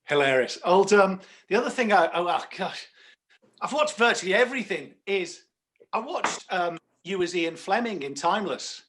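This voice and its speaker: A man's voice: sits high, expressive, normal speed, fairly bright tone. A man hosting an interview, asking enthusiastic questions that often stall and restart. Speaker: interviewer host. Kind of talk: casual interview.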